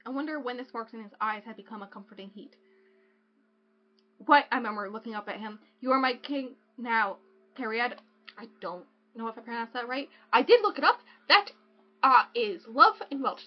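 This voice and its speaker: A young woman hosting a casual podcast, gushing about a book and reading passages aloud. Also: on the high side. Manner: gushing, excitable, swings between reading and joking. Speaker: podcast host. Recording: dull lo-fi podcast audio.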